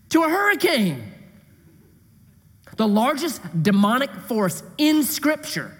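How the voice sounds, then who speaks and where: Male pastor, high lively voice, slightly husky, preaching in a reverberant hall. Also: slow pace, pauses often. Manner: animated, drops to a hushed voice for emphasis. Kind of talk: sermon. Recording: echoey hall.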